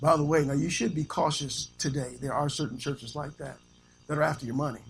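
A man's voice: fairly high pitch, steady tone, fairly quick, gravelly, a little hiss or hum. A man from Illinois, a pastor preaching a sermon with scripture quotes and calls of amen, teasing his congregation now and then. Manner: preaching with call-and-response amens, quoting scripture.

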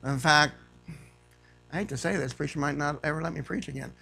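A man preaching in church with a gravelly, slightly high voice. He reads scripture aloud and builds to loud, emphatic points. His delivery is a fervent sermon. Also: steady tone, a little fast, soft background music. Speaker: guest preacher.

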